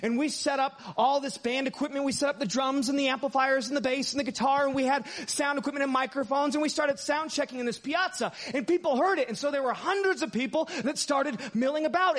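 Preacher, very high-pitched man, dynamic storytelling sermon delivery. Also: fast, hardly any pauses. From United States. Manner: dynamic, swings from hushed asides to loud emphatic lines.

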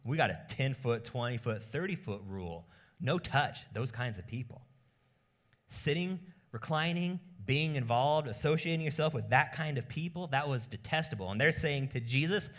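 A male pastor preaching a sermon in an emphatic style, asking rhetorical questions and swinging from soft asides to loud emphasis. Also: mid-range voice, expressive, moderate pace.

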